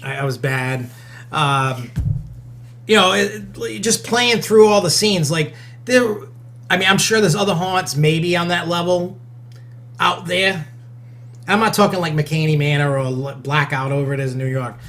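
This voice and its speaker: A man's voice: fairly high pitch, measured pace, a bit bright. A man hosting a casual podcast, talking in a loose, rambling way with lots of fillers. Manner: rambling, with many fillers and restarts. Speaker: podcast host.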